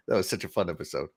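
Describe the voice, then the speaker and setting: A man's voice: low voice, darkish tone, slightly rough. A man hosting a casual livestream podcast, chatty and upbeat, laughing often as he greets viewers. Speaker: podcast host.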